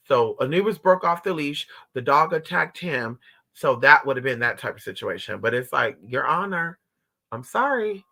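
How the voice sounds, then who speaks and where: A man talking to his viewers in a brash, profane, dramatic way, acting out the people and dogs in his story. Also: bright, forceful tone. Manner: swings between high squeals and low mutters. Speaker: livestream host.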